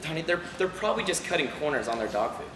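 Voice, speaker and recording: A man's voice: on the high side, very animated, rapid-fire. A man playing a stammering, placating husband. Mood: soothing. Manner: soothing, stammering, then defensive. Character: patient husband trying to calm his wife. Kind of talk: comedy sketch parody of an ad. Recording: roomy, distant mic, noisy background.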